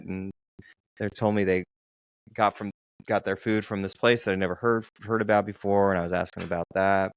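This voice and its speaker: A man co-hosts a casual podcast, talking in slow, deliberate stretches and often restarting his sentences. His voice sits low with a gravelly edge. The sound is close and dry. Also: steady tone, no room sound. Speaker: podcast co-host, dating coach.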